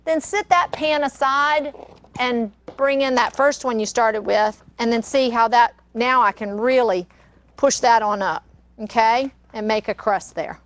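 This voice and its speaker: A woman's voice: fairly high pitch, unhurried. An older woman, hosting a casual cooking demonstration and chatting in a rambling, storytelling way. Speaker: cooking show host. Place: kitchen studio.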